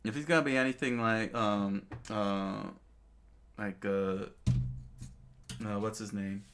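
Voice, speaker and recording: Faint music plays behind a middle-aged man whose slow, fairly even voice sits on the low side, with a clear, resonant, fairly bright tone. He hosts a channel where he reads and discusses manga, talking about a comic in a rambling style full of fillers, restarts, and listener asides such as "you know what I'm saying."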